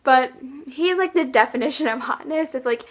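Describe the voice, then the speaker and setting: A woman's voice: sits high, brisk. A young woman chatting casually in a vlog, gushing about her favorites with lots of likes and ums. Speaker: YouTube vlogger.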